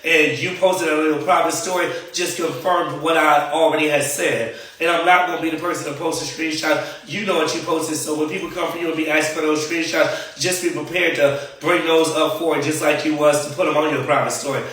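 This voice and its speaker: A man's voice: a little high, steady tone, brisk, hardly any pauses, fairly bright tone. Defiant man, far off and echoey. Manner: firm, defiant, indignant. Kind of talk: addressing someone directly on camera. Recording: clip played back, far and echoey.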